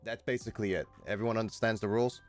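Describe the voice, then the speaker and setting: Low-voiced man reading game rules. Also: steady tone, faint music behind. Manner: halting, restarts mid-word while reading. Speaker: streamer running a board game. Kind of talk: reading rules aloud, casual chat.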